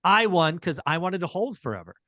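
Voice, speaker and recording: A middle-aged man who hosts a podcast, talking casually and with emphasis. His voice sits a bit high for a man. He comes across dry and close, with no room around him. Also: sing-song, fairly quick, fairly bright tone, dry recording. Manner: emphatic, repeats key points. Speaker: podcast host. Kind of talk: casual real estate chat.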